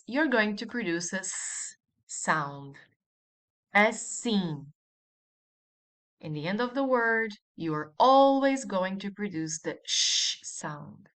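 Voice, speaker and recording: A woman teaching a language lesson, speaking slowly and clearly and repeating model words for the listener. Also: medium pitch, fairly bright tone. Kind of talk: scripted language lesson narration.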